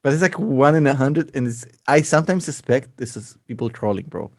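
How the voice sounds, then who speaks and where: Man, lively pitch swings, dry close sound, relaxed joking banter. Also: fairly quick, no echo. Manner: laughs a lot, calls people bro. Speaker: investor and podcast co-host. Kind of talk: casual podcast banter.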